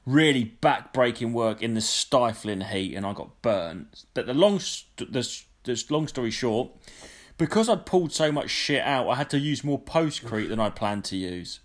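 A man's voice: medium pitch, lively intonation, normal speed. A man telling a long, sweary, indignant story in casual chat. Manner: sweary, indignant, mimics people in his stories.

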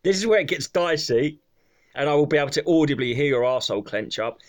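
A man's voice: on the high side, fast talker. A man co-hosting a podcast, telling a crude, rambling comic story. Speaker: podcast co-host.

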